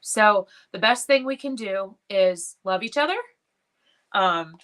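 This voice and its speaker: A woman hosting a casual live stream for her followers, emotional and tearful, speaking in a heartfelt, halting way with many pauses and fillers. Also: mid-range voice, fairly bright tone. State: tearful, has been crying. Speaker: jewelry business live-stream host.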